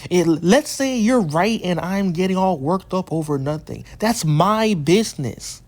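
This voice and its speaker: A man's voice: high-pitched, expressive, a little slow. Heated man ranting to viewers. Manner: frustrated, repetitive rhetorical questions, swearing; restarts and repeats phrases while worked up. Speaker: YouTuber addressing his community. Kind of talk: heated monologue rant.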